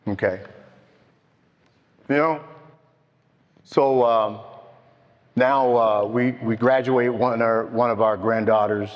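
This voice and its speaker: An older man telling his own story at a recovery meeting, slow and halting, heartfelt. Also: medium pitch. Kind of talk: personal testimony. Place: meeting hall. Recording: dull, with long hall echo.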